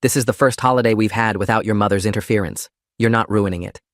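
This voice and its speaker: Man reading a stern dad: low, flat commands, dry close sound. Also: fast talker, no room sound, close to an everyday voice. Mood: cold. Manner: firm, commanding. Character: cold stern father. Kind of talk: storytime narration.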